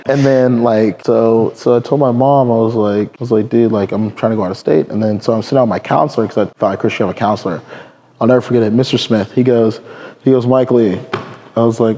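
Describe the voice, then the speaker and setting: A man's voice: medium pitch, quick pace, dark tone. A man in his thirties from California, telling stories in casual podcast chat, rambling and laughing, with lots of "like" and "dude". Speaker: podcast guest.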